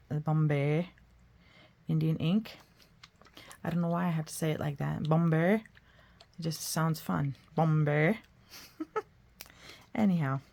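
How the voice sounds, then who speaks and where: A woman with a lowish, gravelly voice talks her viewers through a craft project. She rambles happily and pokes fun at herself as she goes, in a casual and friendly way. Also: a little mellow. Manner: chatty, rambling, self-deprecating. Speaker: art tutorial host. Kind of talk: casual crafting tutorial chat.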